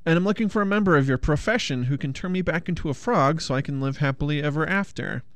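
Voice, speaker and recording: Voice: medium pitch, fast, dry recording, natural voice. A storyteller voicing a whiny, flustered young prince who stammers politely. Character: anxious, whiny Frog Prince, young man.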